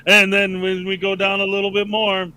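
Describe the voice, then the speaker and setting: A man's voice: high voice, monotone, moderate pace, pushed and bright, faint music behind, poor audio. A man hosting a casual livestream, chatty and laughing often as he thanks supporters and hypes viewers. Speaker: livestream host. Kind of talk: casual live chat reading donations.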